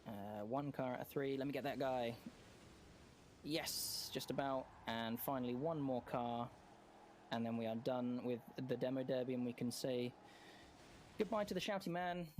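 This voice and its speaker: A man's voice: mid-range voice, fairly even intonation, a little mellow, a little hiss or hum. Chatty man commentating a speedrun. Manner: chatty, self-correcting, quick jokes and laughs.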